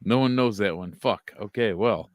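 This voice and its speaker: A man's voice: on the low side, moderate pace, no echo. A man co-hosting a casual sports podcast, joking crudely as he reads out picks and fight results. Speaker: podcast co-host.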